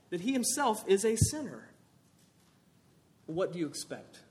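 Male pastor preaching a sermon, fairly high voice, animated delivery with loud peaks and soft drops. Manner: animated preaching, rising for emphasis and dropping to quiet asides.

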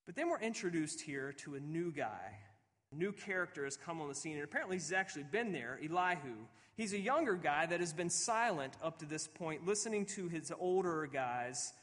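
A man's voice: a little high, expressive, moderate pace, fairly bright tone. A male pastor delivering a sermon to a congregation, explaining scripture and telling stories. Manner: explanatory storytelling, addressing a congregation. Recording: long reverb of a large hall.

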